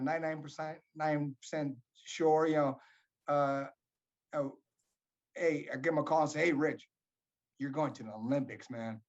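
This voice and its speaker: A man's voice: on the high side, highs cut off. A man speaking as a boxing coach in a casual interview, telling his story in a reflective, rambling way.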